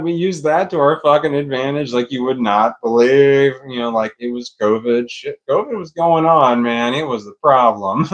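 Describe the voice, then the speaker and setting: Middle aged dude rambling on, laughs a lot, cusses, mid pitch voice. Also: male voice. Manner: rambling, laughing often, swears freely. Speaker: vlogger. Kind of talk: casual storytelling.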